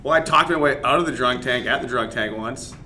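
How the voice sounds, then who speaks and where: An MMA fighter being interviewed on a podcast tells a story casually and with animation, swearing, acting out other people's lines, and laughing as he goes. His mid-range voice moves fairly quickly, and there's a little hiss or hum in the audio.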